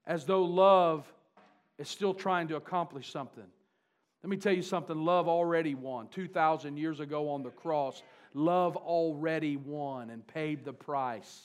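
Pastor, male, slightly high voice, emphatic repeating sermon style. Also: normal speed. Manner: emphatic, repeats key words for stress.

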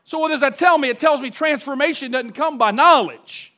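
A man's voice: very high-pitched, brisk, bright, forceful tone. A pastor preaching a sermon. He often asks the congregation questions and builds emphasis through repetition.

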